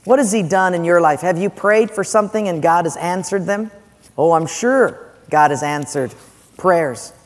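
A male pastor preaching in a large church, chatty and quick to joke as he questions his listeners. His voice sits a bit high for a man. A long reverb trails off every phrase. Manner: conversational, questioning the congregation, joking. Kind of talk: sermon.

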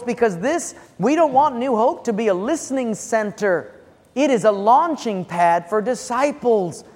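A male pastor preaching a sermon with audience participation, playful and coaxing, with dramatic slowdowns. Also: very high-pitched. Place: church sanctuary. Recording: long church reverb.

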